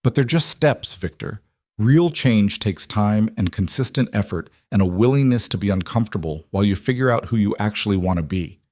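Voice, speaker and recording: A man voicing a composed businesswoman who speaks quietly and in a measured way. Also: on the low side, expressive, no echo, studio quality, close to an everyday voice. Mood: calm firmness. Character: composed businesswoman, calm, firm, middle-aged.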